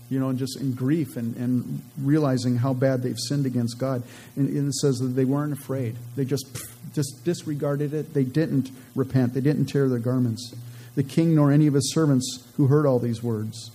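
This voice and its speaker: A man's voice: medium pitch, dark tone, slightly rough, low-quality recording. A man teaching the Bible. He reads verses aloud, then explains them in a loose, casual way, often restarting his sentences. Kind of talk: scripture reading with casual commentary.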